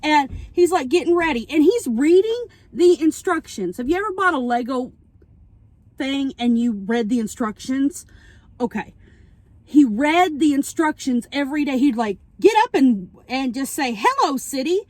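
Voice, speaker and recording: Young woman, high voice, animated chatty recap, eating in a car, dry close sound. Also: moderate pace, no room sound. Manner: animated storytelling, keeps checking in with "okay?" and "right?"; talking while eating. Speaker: vlogger. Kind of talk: casual movie plot recap. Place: parked car.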